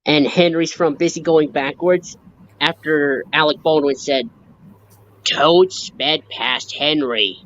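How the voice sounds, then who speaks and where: A woman chatting casually on a live stream, slowly listing book scenes and quoting lines. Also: low voice, fairly even intonation, a bit bright, dull audio. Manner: slow, halting, lists scenes and quotes lines. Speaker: fan sharing a book collection.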